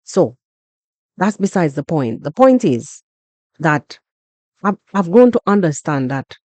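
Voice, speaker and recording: A Jamaican woman hosting a podcast, talking through a story in an animated, repetitive way and often asking "you understand?". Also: on the low side, slow, dry recording. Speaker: podcast host. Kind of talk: casual commentary monologue.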